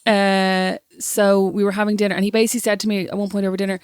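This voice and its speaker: Fast-talking Irish woman telling a story. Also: mid-range voice, smooth, no echo. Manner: animated, self-mocking storyteller. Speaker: podcast co-host. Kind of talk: casual chat, storytelling.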